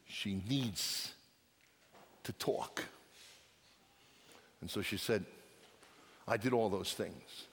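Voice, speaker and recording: A man preaching a sermon, telling a story with hushed lines and emphatic outbursts. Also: lowish voice, drawn-out words, long pauses. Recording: long reverb of a large hall.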